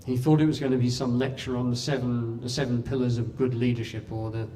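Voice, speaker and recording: A man giving a talk in an impassioned storytelling way, with dramatic pauses. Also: medium pitch, level tone, warm tone, recorded from a distance, a little hiss or hum. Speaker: speaker at a talk. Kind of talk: storytelling speech.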